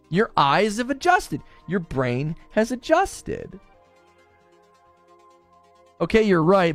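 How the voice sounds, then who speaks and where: A man with a high voice hosts a casual live stream. His pitch swings widely as he argues, and he laughs often. Faint music plays behind him. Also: takes it slowly, pauses often. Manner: animated, argumentative, laughs often. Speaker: livestream host.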